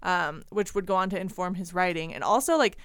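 Smooth-voiced chatty young woman. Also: on the low side, fairly quick, a bit bright, dry recording, studio quality. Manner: chatty, giggly, lots of fillers. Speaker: podcast co-host. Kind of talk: casual chat, retelling history.

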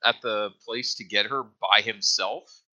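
A man's voice: on the low side, fairly even intonation, measured pace, sharp tone, dry recording, low-quality recording. A man co-hosting a casual chat, making laid-back, dry remarks. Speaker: podcast co-host.

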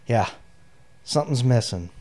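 A man's voice: mid-range voice, animated, a little slow, dark tone. A middle-aged man, an army veteran, telling his personal story in an interview, candid and emotional, with lots of "you know" fillers. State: near tears.

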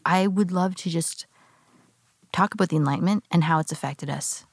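Woman podcast co-host: low, gravelly, dry studio sound, rambling casual delivery. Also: moderate pace, no room sound. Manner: thoughtful, rambling with frequent "like" fillers. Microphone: studio microphone.

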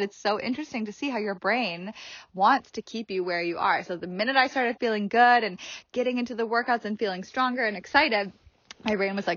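A woman's voice: medium pitch, brisk, fairly bright tone, no room sound. Chatty woman podcast host, dry sound. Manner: chatty, filler-heavy, laughs often. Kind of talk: casual solo podcast monologue. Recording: dry, slightly dull podcast audio.

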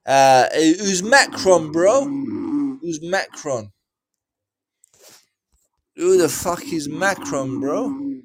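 A man's voice: a little high, animated, extremely slow, long pauses, no echo. A drunk young man, live-streaming and ranting brashly to his chat with lots of swearing and slang. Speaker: livestreamer. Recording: noisy background.

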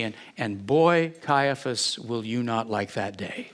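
A man's voice: medium pitch, lively intonation, takes it slowly, few pauses, fairly bright tone. A man preaching an expository Bible sermon, acting out the quoted lines and asking rhetorical questions.

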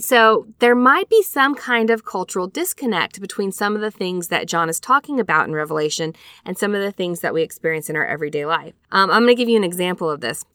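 A woman's voice: lowish voice, sharp tone, no room sound, studio quality. A woman hosting a casual scripture study lesson, talking in a chatty, conversational way and checking in with her listeners through rhetorical questions. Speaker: podcast host teaching scripture.

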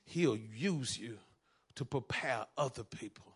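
A man, preaching a sermon as pastor, moving from calm teaching to shouted fervor. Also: mid-range voice, takes it slowly, slightly rough.

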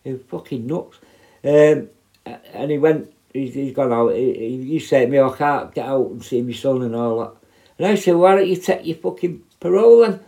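A man's voice: mid-range voice, normal speed, dark tone. Blunt, sweary man. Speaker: former prison officer. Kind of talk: casual storytelling.

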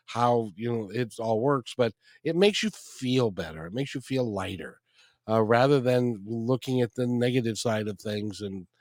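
A man in his sixties talking easily in an interview, halting and repeating his words. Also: mid-range voice, no echo, studio quality. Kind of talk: casual interview chat.

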